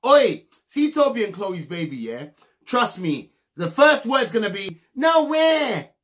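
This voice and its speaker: A young man giving a comedic, mocking recap of a reality TV show, breaking into loud laughs. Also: unhurried. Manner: mocking, animated, bursts into loud high laughs.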